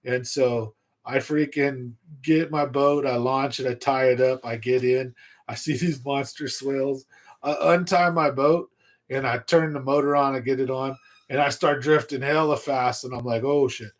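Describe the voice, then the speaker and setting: Man, young adult, fishing livestream host, casual slangy storytelling, mid-pitched voice. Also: normal speed. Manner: animated storyteller, slangy, acts out his own inner voice loudly. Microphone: livestream computer mic.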